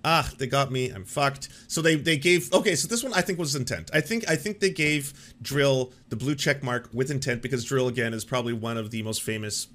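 A man's voice: medium pitch, fairly quick, few pauses, fairly bright tone. Sarcastic man riffing on the news. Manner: sarcastic, profane, laughs often. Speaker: host. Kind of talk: casual commentary.

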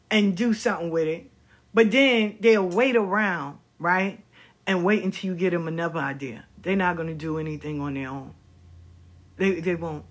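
A woman's voice: on the low side, slightly rough. A middle-aged woman talking bluntly in a personal commentary vlog, swearing and repeating words for emphasis. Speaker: vlogger. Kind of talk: candid personal commentary monologue.

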